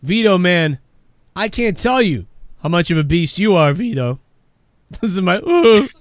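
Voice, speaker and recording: A man's voice: high voice, sing-song, unhurried, no room sound, clean studio sound. A man hosting a live podcast, swearing a lot and rambling casually, and losing his voice. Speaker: podcast host. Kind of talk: casual live-stream wrestling chat.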